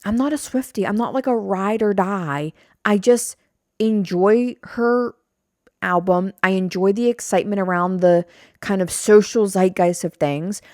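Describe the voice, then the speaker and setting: A woman's voice: medium pitch, measured pace, warm tone, no echo, clean studio sound. A young woman hosting a solo podcast, rambling casually and self-deprecating, swearing now and then. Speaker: podcast host. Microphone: studio mic on a stand.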